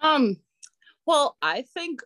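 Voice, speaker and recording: Animated woman, a photographer guest. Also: high-pitched, very slow. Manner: animated, laughs often while talking. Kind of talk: casual conversational interview.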